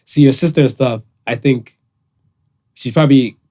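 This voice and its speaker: A man's voice: mid-range voice, normal speed. A man co-hosting a casual podcast chat, telling stories animatedly and swearing freely. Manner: animated storyteller, profane, acts out quotes. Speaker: podcast co-host.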